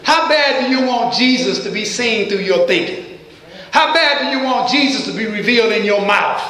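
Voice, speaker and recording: A man with a high, lifted voice preaches a sermon. He asks the congregation questions and drives each point home with rising emphasis. His voice rings through a very echoey church hall. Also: moderate pace, bright, forceful tone.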